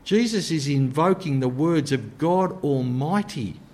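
A man preaching a sermon in an earnest way, sometimes dropping to a soft, low voice to stress a point. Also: lively intonation, unhurried.

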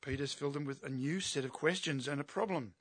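A man's voice: fairly high pitch, fast talker, dry recording. A man preaching an expository sermon, emphatic and asking his listeners rhetorical questions.

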